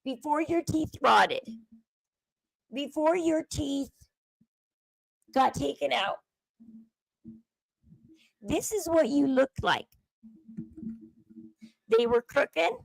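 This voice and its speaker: A woman's voice: high voice, expressive, very slow, gravelly, long pauses, no room sound, rough recording. A woman streamer giving emphatic true-crime gossip commentary, repeating points and lecturing her viewers.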